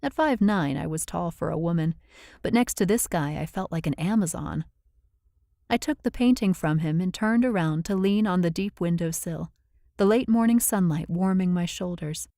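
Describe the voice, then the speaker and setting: Low, mellow woman narrating a novel. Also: creaky, no room sound, clean studio sound. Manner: measured, even storytelling. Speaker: audiobook narrator. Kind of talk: first-person audiobook narration.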